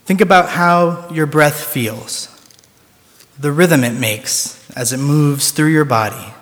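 A male preacher giving a sermon that leads a slow, soft guided breathing meditation. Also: a little high. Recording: long reverb of a large room.

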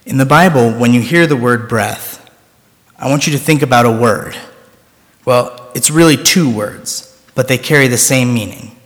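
A male preacher giving a sermon that leads a slow, soft guided breathing meditation. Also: mid-range voice. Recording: long reverb of a large room.

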